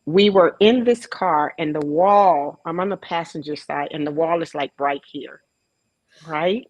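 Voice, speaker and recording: Low slow woman introducing a speaker. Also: no room sound, poor audio. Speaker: panel host, track coach. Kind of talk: event introduction speech.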